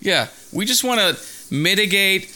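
A man's voice: high voice, expressive, unhurried, crowd noise. A man in a casual chat, making dry, sarcastic jokes.

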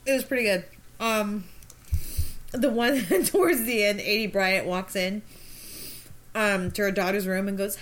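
A woman's voice: mid-range voice, a little slow. A woman co-hosting a casual sibling podcast, chatting and telling stories with frequent giggles. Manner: giggly, rambling storyteller. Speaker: podcast co-host. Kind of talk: casual chat.

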